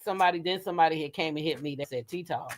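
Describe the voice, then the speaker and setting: A woman hosting a casual gossip livestream, talking with her chat, swearing freely and breaking into high shrieks as she retells her reactions. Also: fast talker, slight background noise. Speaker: livestream host.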